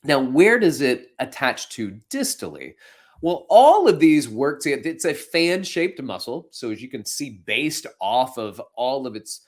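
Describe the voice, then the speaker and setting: A man's voice: mid-range voice, big pitch swings, a little slow. A man hosting a fitness podcast, explaining anatomy in a casual, playful way with jokey asides. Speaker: podcast host and fitness instructor.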